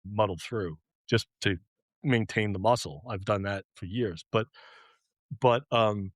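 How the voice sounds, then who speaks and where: A man's voice: lowish voice, measured pace, no echo. A man with a Long Island accent, a guest in a reflective interview, speaking candidly and self-deprecatingly with frequent restarts. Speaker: guest, writer.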